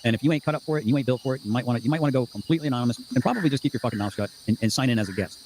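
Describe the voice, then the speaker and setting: Fast-talking profane male livestream host. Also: mid-range voice, darkish tone, a little hiss or hum. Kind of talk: casual livestream chat reading comments.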